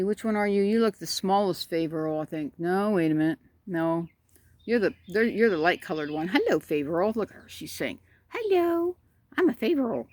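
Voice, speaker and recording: Give me a chatty, rambling woman talking outdoors into her phone, a bit low-pitched. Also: a bit bright, dry recording. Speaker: backyard chicken keeper. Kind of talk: casual chat. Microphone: phone camera.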